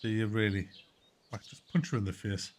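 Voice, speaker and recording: A man's voice: fairly low pitch, brisk, slight background noise. A male streamer giving crude, joking gameplay commentary full of swearing. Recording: stream with faint game music behind.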